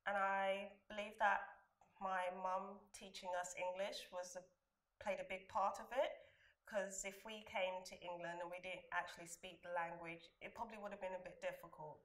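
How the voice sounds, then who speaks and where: Woman from Guyana, bright tone, animated storyteller, echoey room. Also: mid-range voice, moderate pace. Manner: animated storytelling, acting out quoted voices. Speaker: documentary director and interviewee. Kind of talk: interview recollection.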